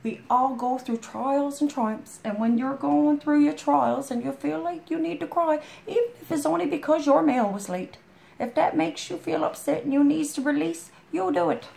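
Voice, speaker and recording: A woman's voice: high-pitched, moderate pace, gravelly, mellow. A woman reading a storybook aloud, breaking off into chatty, homespun asides as if talking straight to a friend. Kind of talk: reading a picture book aloud with folksy asides. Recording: roomy echo.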